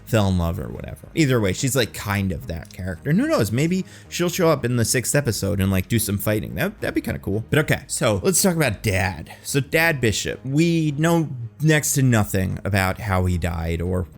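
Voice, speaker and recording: A man's voice: fairly low pitch, sing-song, moderate pace, vocal fry, few pauses. A man hosting a casual fan-theory commentary, chatty and rambling, saying "like" often. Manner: chatty and rambling, heavy use of "like". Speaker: host of a movie and TV commentary channel.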